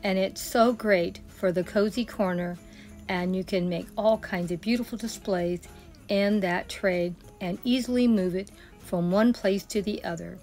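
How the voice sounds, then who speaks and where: A woman's voice: medium pitch, fairly even intonation, measured pace, a little mellow, faint music behind. Chatty older woman vlogging. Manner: friendly, chatty. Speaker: home decor creator. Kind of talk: casual decorating vlog.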